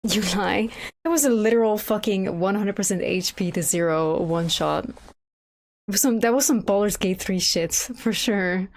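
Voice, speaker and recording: A woman's voice: mid-range voice, moderate pace. A young woman giving casual, profane, blunt commentary while playing a video game, a bit sleepy. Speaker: let's play streamer. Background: game music and sounds.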